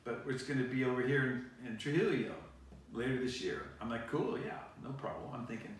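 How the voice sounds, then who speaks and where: A man's voice: mid-range voice, fairly quick, a little hiss or hum. A man hosting a show, telling long rambling anecdotes and correcting himself as he goes. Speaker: show host. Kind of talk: casual storytelling to camera. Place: studio. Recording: echoey room, picked up from a distance.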